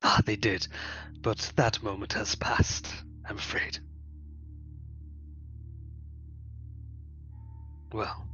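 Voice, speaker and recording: A man's voice: fairly low pitch, flat delivery, fairly bright tone. A man playing a courtly, menacing predator. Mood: smooth, courtly. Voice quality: slow, formal, silky menace. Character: menacing, smiling male predator stranger with a great sword. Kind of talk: tabletop role-play in character. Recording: dull, muffled recording with faint music.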